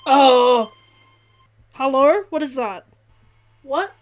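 A woman hosting a reaction video, excitable, often laughing and shouting as she reacts. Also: high-pitched, extremely slow.

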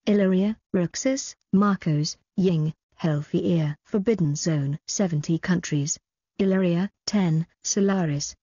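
A woman reading a fantasy web story aloud in a plain, even narration, on a dull, dry recording. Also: lowish voice, slightly rough, dry recording. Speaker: audiobook narrator.

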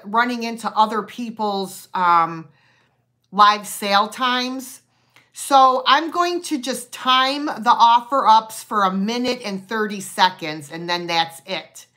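A middle-aged woman hosting a live online sale, chatting casually and rambling as she greets viewers by name. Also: on the high side. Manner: chatty and rambling, with many fillers and warm greetings.

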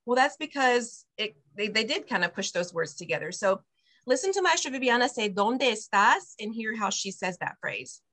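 A woman directing an online Spanish class for parents, upbeat and patient, modeling each phrase slowly over a video call. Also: a little high, animated, fairly bright tone. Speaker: bilingual preschool director teaching parents.

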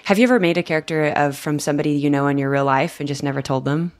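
A young woman hosting a podcast, excitable and gushing, talking over a video call. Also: sits low, racing. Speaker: podcast host. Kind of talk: casual interview chat.

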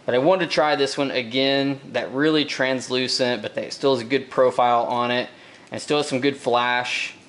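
A man chatting casually as he unboxes fishing gear, relaxed and rambling, with lots of fillers and repeated words. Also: medium pitch, moderate pace. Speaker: fishing vlogger. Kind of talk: casual tackle unboxing talk.

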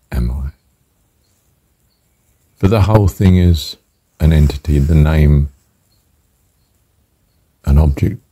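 A man with an extremely low, dark voice that is husky and breathy throughout. He muses over a spiritual idea in an unhurried, ponderous way, repeating phrases as he turns them over. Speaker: speaker reflecting on a spiritual phrase. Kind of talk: musing spiritual talk.

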